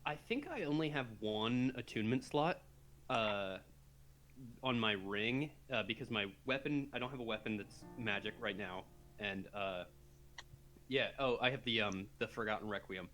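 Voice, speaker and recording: A man playing a tabletop game, hesitant and full of fillers, with bursts of lively speech. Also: lowish voice, moderate pace. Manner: hesitant, animated when in character. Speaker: player.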